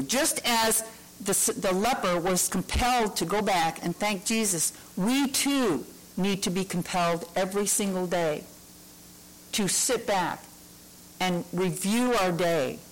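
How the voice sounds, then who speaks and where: A woman's voice: mid-range voice, a little slow, poor audio. A woman preacher giving a morning sermon, telling a story in a conversational way with hesitant fillers.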